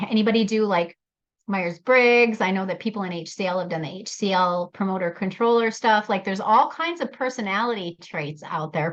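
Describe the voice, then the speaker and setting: Woman running a workshop, chatty and lively, laughs a lot, kinda muffled call audio. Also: medium pitch. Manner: animated, laughs often, addresses attendees by name. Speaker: leadership workshop host. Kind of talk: live workshop talk.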